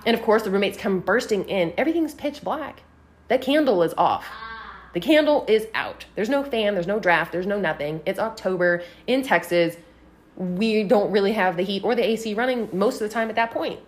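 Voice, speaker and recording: Speaking at normal speed in a medium pitch, a woman shares a personal story on a casual podcast. She swears freely, stays animated, and leans heavily on the word "like".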